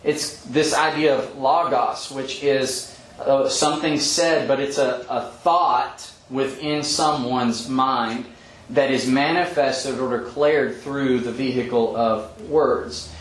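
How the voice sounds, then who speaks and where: A man giving a verse-by-verse bible teaching, explaining thoughtfully with frequent pauses and ums. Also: mid-range voice, fairly even intonation. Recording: echoey room with faint background hum.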